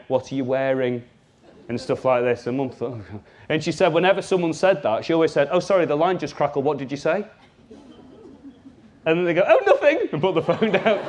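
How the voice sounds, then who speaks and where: A man giving a live workshop talk as a business trainer, lively and jokey, speaking straight to his audience. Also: fairly high pitch.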